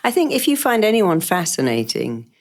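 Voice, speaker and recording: Low-voiced woman telling therapy stories. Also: normal speed. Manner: animated, emphatic, quotes herself. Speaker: therapist guest. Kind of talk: interview storytelling.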